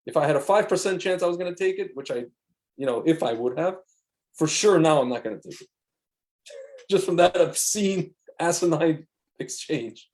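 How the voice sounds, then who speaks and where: Middle-aged male podcast co-host, slightly high voice, rambling and animated, full of restarts. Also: moderate pace. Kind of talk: casual chat.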